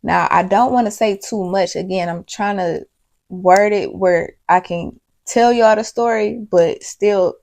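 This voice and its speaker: A young woman with a gravelly voice tells a story in a loose, animated way, swearing freely as she goes. Her voice sits at a middle pitch. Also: a little slow. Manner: casual, profane, animated storytelling. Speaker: vlogger. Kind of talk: storytime vlog.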